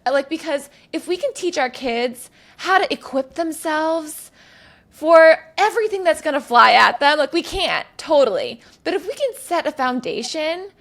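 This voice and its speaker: A woman hosts a podcast in relaxed conversation, her voice set a little high and thick with gravelly fry. She gushes and encourages warmly, affirming what her guest says. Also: normal speed. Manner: warm, effusive and affirming. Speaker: podcast host. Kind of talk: casual interview chat.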